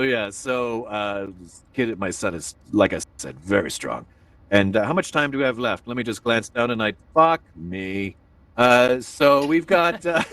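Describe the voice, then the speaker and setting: A man's voice: medium pitch, a bit bright, distant mic. A man hosting a stand-up comedy show in a virtual reality room, rambling and self-deprecating, with many filler asides.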